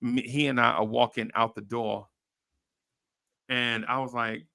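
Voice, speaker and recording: A man on a podcast, casually telling a story in animated, slangy talk and acting out what others said. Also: medium pitch, a little slow, vocal fry, long pauses, no echo, clean studio sound. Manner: animated, slangy storyteller who acts out quoted voices. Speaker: podcast host.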